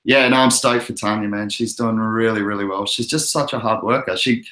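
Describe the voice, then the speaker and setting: A man's voice: lowish voice, steady tone, fairly quick, bright, forceful tone. A young Australian man from Queensland hosting a crypto livestream, chatting casually and answering his viewers' messages. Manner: laid-back, chatty, answers chat messages. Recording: echoey room.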